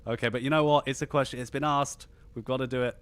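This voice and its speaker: Speaking fast in a medium-pitched, clean voice, an English podcast host with a slightly posh southern accent chats through a casual live stream. He rambles animatedly and keeps restarting his sentences.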